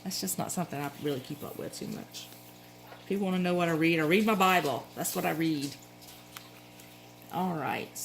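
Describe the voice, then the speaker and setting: Low-voiced Southern woman, chatty. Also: a little hiss or hum, low-quality recording. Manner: chatty, rambling, frequent self-corrections. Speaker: planner vlogger. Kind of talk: casual show-and-tell chat.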